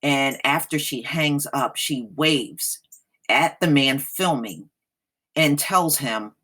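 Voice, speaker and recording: Slow, sassy woman commentator. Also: very deep voice, a bit bright, slightly rough. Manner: sassy, blunt, slangy. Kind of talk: casual reaction commentary.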